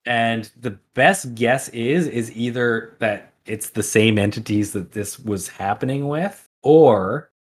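A man's voice: mid-range voice, slow, few pauses. A man co-hosting a podcast, telling a story in a chatty, loose way and correcting himself as he goes. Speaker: podcast co-host. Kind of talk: casual storytelling.

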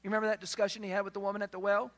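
A pastor preaching a sermon in a conversational way, asking the listeners questions and retelling scripture as lively dialogue. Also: mid-range voice, rapid-fire. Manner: conversational, asks the congregation questions.

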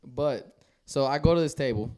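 A man telling a casual story on a podcast, animated and laughing as he goes. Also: medium pitch, normal speed. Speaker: guest on a podcast.

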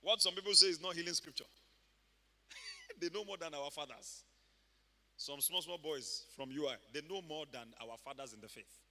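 A man preaching a sermon as a pastor, animated and emphatic, often shouting. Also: fairly high pitch, normal speed, long pauses. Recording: reverberant church hall.

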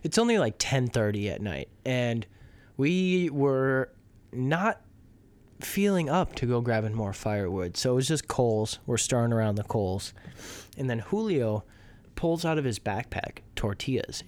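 A young man co-hosting a podcast, telling a story in casual chat, animated and profane, laughing as he goes. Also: mid-range voice, unhurried. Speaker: podcast co-host.

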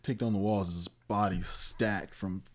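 Lower-voiced young man, laid-back. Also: steady tone, measured pace. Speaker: podcast co-host. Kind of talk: casual chat.

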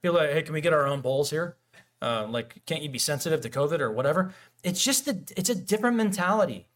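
Guy preaching, kinda high voice, loose and chatty, acts out little scenes. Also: fast talker. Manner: animated, acts out quoted dialogue, frequent restarts and fillers. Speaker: pastor. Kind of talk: casual conversational sermon.

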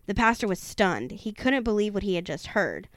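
A woman reading a haunted-house book aloud in a steady storytelling manner, now and then tripping over a word and correcting herself. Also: medium pitch, moderate pace, no echo, studio quality. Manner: steady storytelling with occasional stumbles and self-corrections. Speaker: reader of a true-haunting book.

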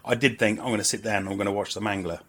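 A man's voice: fairly low pitch, fairly even intonation, racing, a bit bright. A man co-hosting a podcast, chatting casually and bluntly, often repeating himself and restarting sentences. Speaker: podcast co-host. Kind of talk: casual chat.

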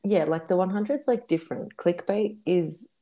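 A chatty Australian woman with a low, mellow voice, talking loosely and laughing often. She slips in casual swearing as she rambles through a podcast chat. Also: moderate pace. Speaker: podcast co-host.

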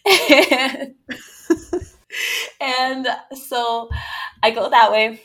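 A young woman telling a story in a casual, chatty way, with quick asides and laughs between lines. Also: a little high, a bit bright.

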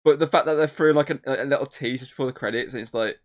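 A man's voice: medium pitch, quick pace. A man co-hosting a podcast, chatting casually, rambling with lots of filler words and swearing. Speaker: podcast co-host. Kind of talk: casual chat.

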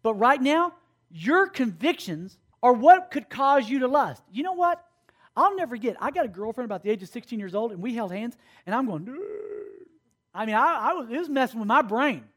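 A man in his fifties with a notably high voice, a camp speaker, teaches students in a sermon-style lesson to a room of young people. He speaks fairly quickly, animated and conversational, and keeps checking in with his listeners.

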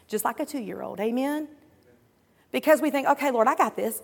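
A woman's voice: sits high, big pitch swings, fast, creaky, big-room sound. A woman preaching a sermon, calling out to the congregation and acting out imagined prayers and voices. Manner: emphatic call-and-response, quoting imagined prayers and voices.

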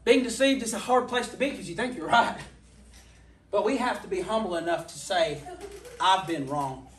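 A man preaching an impassioned sermon, his voice swelling to near-shouting at its peaks. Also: high-pitched, a little fast. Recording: echoey room, mic at a distance.

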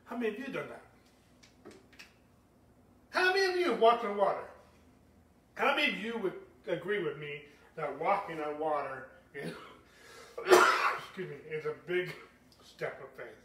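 A man preaching a sermon, animated, rising to shouts and asking the congregation questions. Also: a little high, measured pace, long pauses, slight background noise. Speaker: pastor. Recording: echoey room, speaker far from mic.

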